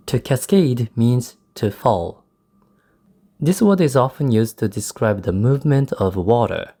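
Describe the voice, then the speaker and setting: Male English tutor, native Japanese speaker, warm relaxed tone, clear explanatory delivery. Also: fairly low pitch. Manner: explanatory, demonstrates intonation in quoted examples. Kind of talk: recorded lesson.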